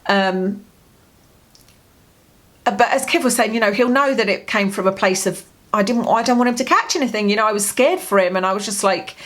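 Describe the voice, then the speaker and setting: A woman speaking to camera from home in a personal diary vlog. Her voice sits at a middle pitch, and her storytelling is candid and rambling, looping back with plenty of fillers. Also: lively intonation, moderate pace, fairly bright tone. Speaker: vlogger.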